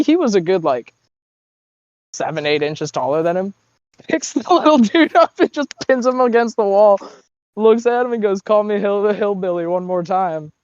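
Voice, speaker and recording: Male, high register, dry close sound; swearing-heavy, laughing ex-marine telling stories in a casual chat. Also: a little mellow, no echo, dull audio. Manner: rambling profane storytelling, laughs often. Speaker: former marine telling boot camp stories.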